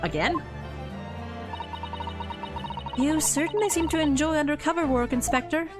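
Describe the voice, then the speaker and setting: A woman's voice: sits high, fast talker, music in the background, voice pushed up, lightly acted. A woman streamer voicing a polite, earnest young woman assistant from a video game, reading her lines in a formal, prim manner.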